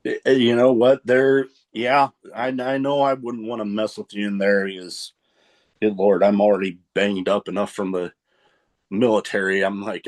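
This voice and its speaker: A man's voice: fairly low pitch, flat delivery, normal speed. A man hosting a casual podcast interview in an easygoing, chatty manner with casual swearing. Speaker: podcast host.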